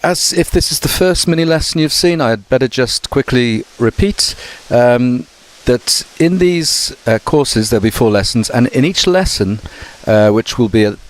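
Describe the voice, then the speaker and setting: A man, a teacher, giving an online mini lesson. He talks slowly and carefully, with many hesitant fillers. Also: mid-range voice, animated. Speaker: English teacher.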